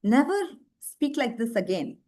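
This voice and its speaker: A woman's voice: a little high, expressive, unhurried, a little mellow. A woman voicing an indignant young son who scolds his father insistently.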